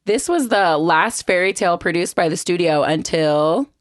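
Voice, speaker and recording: A woman's voice: fairly low pitch, expressive, moderate pace, no room sound, studio quality. A woman co-hosting a casual podcast while sick, her voice cracking, chatty and reading out trivia. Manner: chatty, reads trivia aloud. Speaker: podcast co-host.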